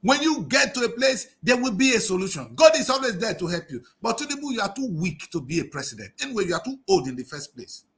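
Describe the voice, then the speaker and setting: A man's voice: sits high, sing-song, fast, few pauses, fairly bright tone. A man giving impassioned political commentary on a TV review show, scolding and firing off rhetorical questions.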